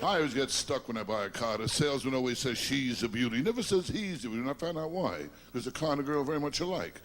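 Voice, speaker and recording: A man from Long Island doing a stand-up routine, complaining about himself in quick self-deprecating one-liners. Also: mid-range voice, big pitch swings. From Long Island, New York. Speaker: stand-up comedian. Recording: noisy live recording.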